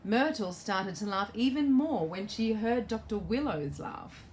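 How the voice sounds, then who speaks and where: A woman's voice: medium pitch, lively intonation, a little slow, a little mellow, a little hiss or hum. A woman author reading her children's storybook aloud in a playful way and asking the young listeners questions.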